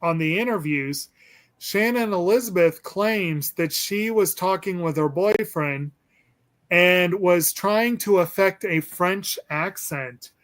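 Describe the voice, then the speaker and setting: A man's voice: sits high, slow pace, fairly bright tone. A man hosting a casual movie discussion, rambling and hesitant with lots of ums and restarts. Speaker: podcast host.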